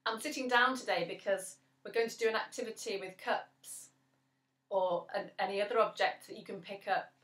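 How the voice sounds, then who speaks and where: An English woman teaching a children's music lesson, seated, in a slow, clear voice that counts out beats. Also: medium pitch, steady tone, a bit bright, echoey room. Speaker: primary school music teacher. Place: at home, seated.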